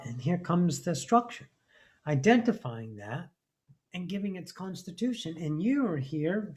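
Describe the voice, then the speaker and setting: A man's voice: fairly high pitch, sing-song, moderate pace. A man giving a live spiritual talk, intense and rambling, swearing often as he preaches about identity and freedom. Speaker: spiritual teacher.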